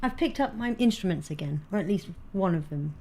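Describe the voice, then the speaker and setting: A woman's voice: on the low side, lively intonation, brisk, darkish tone. An English woman co-hosting a live comic chat show, giving dry, short replies. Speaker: co-host.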